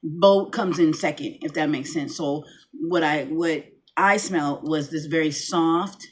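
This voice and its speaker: A woman's voice: sits low, measured pace. A chatty middle-aged woman vlogs from a dimly lit room at home. She rambles easily, circling back and restarting her thoughts as she talks. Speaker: vlogger. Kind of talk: casual chat to camera. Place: home room, lights dimmed.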